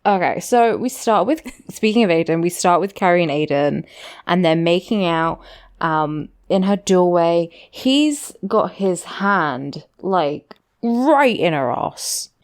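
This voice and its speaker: A woman's voice: lowish voice, unhurried, clean tone. A woman co-hosting a podcast, recapping a show in chatty, playful casual talk full of "like". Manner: chatty, uses "like" a lot, playful. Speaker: podcast co-host.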